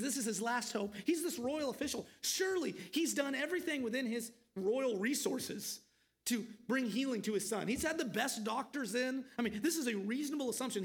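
A man's voice: very high-pitched, husky. A man preaching an expository sermon, earnest and pleading, asking his listeners questions.

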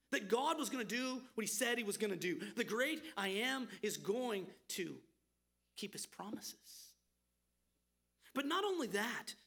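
Preacher going verse by verse, gravelly fry in the voice, talks to the crowd like a chat, punchy and emphatic. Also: mid-range voice, sharp tone. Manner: emphatic, conversational preaching with repeated words. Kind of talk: expository sermon.

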